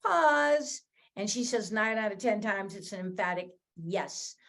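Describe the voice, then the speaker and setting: A woman's voice: medium pitch, steady tone, normal speed. A woman hosting a sales training call, recapping tips in an upbeat, encouraging way and talking straight to her audience. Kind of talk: energetic coaching recap.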